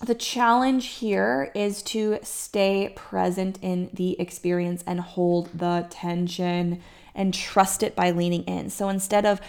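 A woman's voice: fairly low pitch, level tone, slow pace, gravelly, darkish tone, smooth. A woman fertility coach talking to listeners in a casual podcast monologue, reassuring and conversational, often acting out their anxious inner voices.

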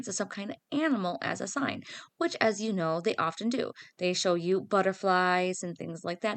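A woman's voice: lowish voice, fairly bright tone, dry recording. A woman hosting her own spiritual podcast as a psychic medium, talking casually in a chatty, upbeat, self-deprecating way. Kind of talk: casual solo podcast talk.

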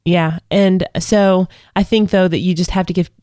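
A woman co-hosts a casual chat in a rambling way, full of restarts and quick laughs. Her voice sits fairly low and sounds dry, close to the mic. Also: fairly even intonation, a little mellow, no echo. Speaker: co-host.

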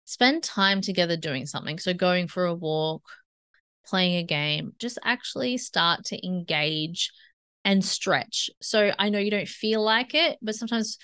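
A woman's voice: fairly low pitch, fairly bright tone, clear, resonant tone. Chatty woman giving relationship advice. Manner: conversational, acts out inner dialogue in quick asides. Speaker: podcast host. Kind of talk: solo relationship-advice podcast.

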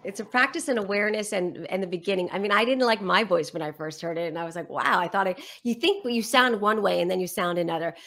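A woman's voice: medium pitch, quick pace, few pauses, a bit bright. A woman who works as a voiceover artist, sharing advice and stories animatedly in a panel conversation, laughing often. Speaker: voiceover artist and guest speaker.

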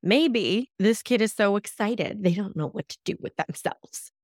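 A woman hosting a solo self-help podcast, talking in a lively coaching tone. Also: medium pitch, measured pace, no echo, clean studio sound. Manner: lively coaching tone, acts out imagined reactions. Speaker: podcast host.

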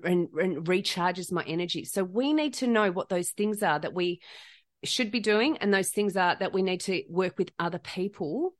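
A middle-aged woman hosting a reflective solo podcast, talking in an earnest, heartfelt way and repeating phrases for emphasis. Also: on the low side. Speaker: podcast host.

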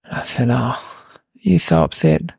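A man playing a cheeky, indignant eight-year-old boy, telling a rambling comic story in a gravelly voice. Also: on the high side, unhurried, a little mellow, no room sound, exaggerated voice. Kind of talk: comic character monologue.

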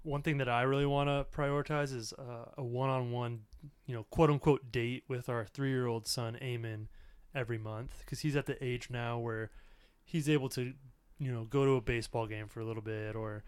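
Earnest man with a smooth voice. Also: medium pitch, fairly even intonation, normal speed, no room sound. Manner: earnest, reflective, many "like" fillers. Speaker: podcast host. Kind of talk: casual conversational podcast.

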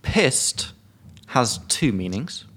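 A man's voice: medium pitch, sing-song, drawn-out words, fairly bright tone, husky. A man co-hosting a podcast as an English teacher, explaining slang casually with examples and swearing. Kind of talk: casual chat.

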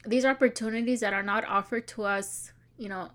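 A woman's voice: a little high, fairly even intonation, a little fast. Chatty, heartfelt woman vlogger. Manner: chatty, heartfelt, many likes and restarts. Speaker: online course creator. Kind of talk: personal vlog talk.

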